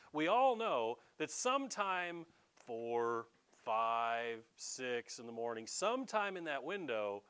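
A middle-aged man, preaching a folksy, joking sermon as pastor. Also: mid-range voice. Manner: folksy, animated preaching with jokes and asides.

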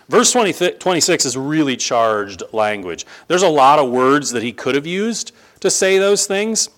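A man preaching a sermon in a conversational style that builds to emphatic, animated stress. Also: fairly high pitch, a little slow, few pauses. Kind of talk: sermon teaching.

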